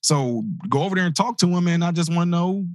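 A man, a motivational speaker, telling a personal story in an animated way and acting out the voices of the people in it. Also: high-pitched, fast talker, dry recording, studio quality. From grew up in inner-city projects. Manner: animated, acts out quoted voices. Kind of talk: storytelling talk.

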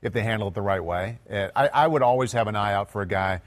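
Sports podcast host dude, quick talker, lowish voice, brisk short questions. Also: male voice. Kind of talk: casual sports talk.

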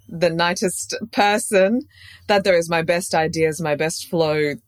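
Frank, lively woman podcast guest. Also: lowish voice, unhurried, dry recording. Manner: frank, animated, laughs easily. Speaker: podcast guest, safety consultant and coach. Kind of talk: casual interview chat.

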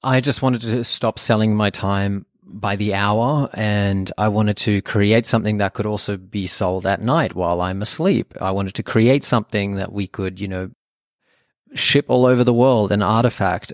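A man co-hosting a podcast, talking in a relaxed, thoughtful, unhurried way. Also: fairly low pitch, no echo, clean studio sound. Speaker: podcast co-host. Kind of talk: casual podcast chat.

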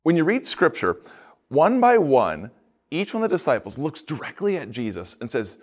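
A man, a pastor, giving a casual devotional talk with animated storytelling and playful asides. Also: fairly high pitch, normal speed.

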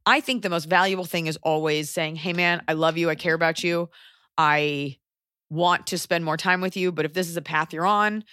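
A woman co-hosting a podcast, giving casual advice in a rambling, animated way and swearing freely. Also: fairly low pitch, moderate pace, clear, resonant tone, dry recording, studio quality. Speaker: podcast co-host. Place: Los Angeles area.

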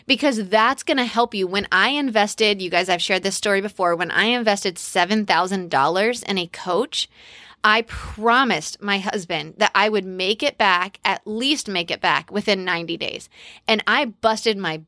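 A woman's voice: medium pitch, moderate pace, pushed and bright, no room sound, studio quality. A middle-aged woman hosting a podcast, giving casual, encouraging business advice and speaking straight to her listeners. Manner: encouraging, conversational, addresses listeners as "you guys". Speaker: podcast host.

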